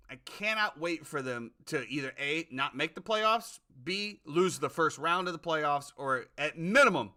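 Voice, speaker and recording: Emphatic, bright-voiced male sports podcaster. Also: a little high. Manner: emphatic, indignant, repeats his points. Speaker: podcast co-host. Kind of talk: casual sports talk.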